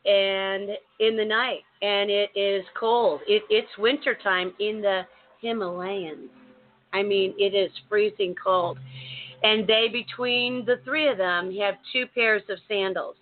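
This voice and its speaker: A woman co-hosting a talk show, telling a story in a casual, animated way with many restarts. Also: medium pitch, takes it slowly. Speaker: co-host. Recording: narrow phone-like sound.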